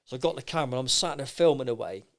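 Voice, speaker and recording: A middle-aged man, a podcast guest, telling stories in a lively, rambling way with many restarts. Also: mid-range voice, racing. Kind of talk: anecdotal storytelling in casual chat.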